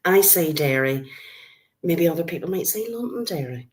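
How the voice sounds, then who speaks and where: Northern Irish woman, middle-aged, low voice, friendly live-stream chatter. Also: expressive, normal speed. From Northern Ireland. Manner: chatty, greets viewers by name, calls them love. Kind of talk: casual live-stream chat with viewers.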